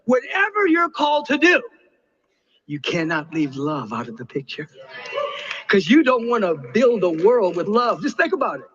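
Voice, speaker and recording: A man giving an impassioned inspirational sermon as a spiritual teacher, dropping to a hush and then soaring. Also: high-pitched, huge pitch swings, normal speed, slightly rough, in a large hall. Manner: impassioned, swinging between hushed and soaring. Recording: dull lo-fi recording.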